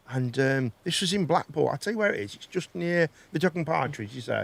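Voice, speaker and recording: A man's voice: a little high, very animated, brisk, vocal fry, hardly any pauses. Rambling jokey man. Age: 30s. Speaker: host. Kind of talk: casual live chat show.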